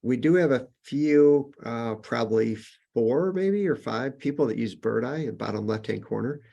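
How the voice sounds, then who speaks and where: A man leads a business webinar in a relaxed, conversational way. His mid-range voice carries a gravelly edge, and he brightens whenever he reaches a new numbered point. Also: mid-range voice, normal speed. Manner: conversational, with frequent fillers and restarts, upbeat on list points. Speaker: webinar presenter. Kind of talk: casual webinar teaching.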